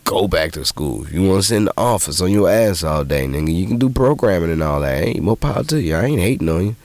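A man hosting a podcast who tells profane, animated stories in casual monologue and jumps into high voices when he quotes people. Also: quick pace, dry recording. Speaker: podcast host.

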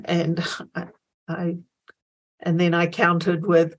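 A middle-aged woman recalls her past in an interview, speaking slowly and with pauses. Her voice sits low for a woman. She stumbles, restarts and uses many fillers, then acts out the voices in her head. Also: level tone, darkish tone. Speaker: guest, former Olympic marathon runner. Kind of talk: interview storytelling.

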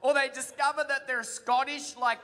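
Man, pastor, humorous energetic sermon, bright forceful tone, echoing church hall. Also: extremely high pitch, normal speed. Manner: humorous, energetic, quizzes the congregation. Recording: echoey hall reverb.

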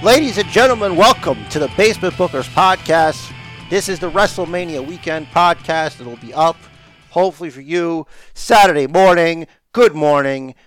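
A man's voice: fairly high pitch, normal speed, soft background music. A man co-hosting a casual wrestling podcast, joking and teasing his co-host. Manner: jokey, teasing, animated.

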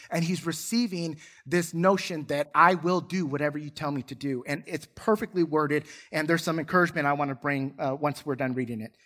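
A man's voice: a little high, fairly bright tone. A male pastor preaching a sermon in church, earnest and acting out quoted voices. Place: church sanctuary.

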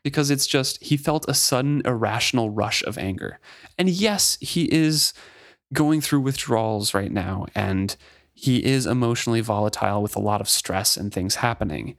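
A man co-hosting a book podcast, reading passages aloud with lively shifts in pitch and talking them over casually. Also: normal speed, no room sound, clean studio sound. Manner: reads quotes with lively shifts in pitch, laughs easily. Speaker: podcast co-host.

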